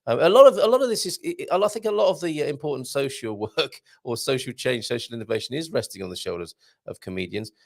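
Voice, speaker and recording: A man runs a casual live morning show, chatting jokily and reading out what viewers comment. His gravelly, medium-pitched voice is animated, moving at a quick pace.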